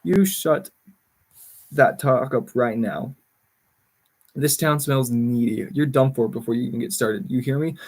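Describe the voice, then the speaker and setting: Blunt, lecturing middle-aged Hollywood insider, husky edge, put on by a male reader. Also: mid-range voice, unhurried, long pauses, darkish tone. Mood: stern. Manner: gruff, bossy lecturing.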